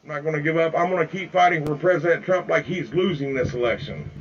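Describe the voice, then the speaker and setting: A man's voice: fairly high pitch, fast talker, highs cut off, noisy background. An older man with four grandsons, ranting at his viewers in an angry, repetitive, folksy way and calling them folks. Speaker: political video blogger. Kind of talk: impassioned direct-to-camera rant. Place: home with flags in the background.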